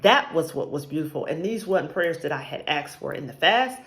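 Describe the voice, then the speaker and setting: A woman's voice: sits low, animated, fairly quick, a bit bright. A married woman sharing a personal faith testimony in a casual, rambling way, with frequent ums. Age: adult, married with a child. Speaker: vlogger sharing a faith journey.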